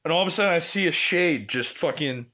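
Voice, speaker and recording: A man's voice: on the high side, animated, fast, sharp tone. A man co-hosting a podcast, telling a long casual anecdote full of quoted dialogue, swearing, and laughing as he goes. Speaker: podcast co-host. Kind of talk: casual storytelling chat.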